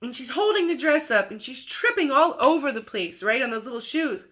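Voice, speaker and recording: Bright high-voiced woman coach. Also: brisk. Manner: expressive, acts out quoted voices; emphatic repetition. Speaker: spiritual coach. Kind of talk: motivational livestream talk.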